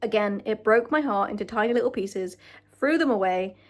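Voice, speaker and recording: Young woman vlogger, casual gushing chat, emotional, swears a lot, mid-pitched voice. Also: expressive, brisk. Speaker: vlogger ranking films.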